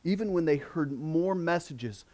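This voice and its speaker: A man delivering a sermon as a pastor, his voice sitting high for a man. He preaches expressively, pressing hard on key phrases and dropping to near-quiet asides. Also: measured pace. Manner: expressive preaching, swings between emphatic and hushed.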